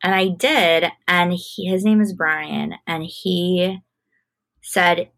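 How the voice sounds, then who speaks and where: A woman's voice: fairly low pitch, fairly even intonation, takes it slowly, a bit bright. A woman guest on a podcast, an entertainment manager, speaking candidly and thoughtfully with frequent restarts. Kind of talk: casual conversational interview.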